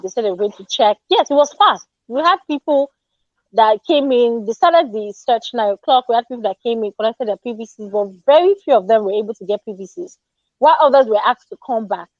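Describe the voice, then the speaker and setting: Animated Nigerian woman telling an indignant story. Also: a little high, no room sound, lo-fi sound. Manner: animated, indignant, mixes Pidgin. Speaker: Twitter Space speaker. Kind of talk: casual storytelling rant.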